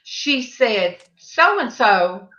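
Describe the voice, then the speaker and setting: A middle-aged woman tells a family story in a lively, bouncing voice that swoops high and low. Her tone is bright and she takes her time, drawing the words out slowly. The stream audio is dull and lo-fi. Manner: animated, laughing while telling a funny family story. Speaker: host. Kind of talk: casual storytelling on a livestream panel.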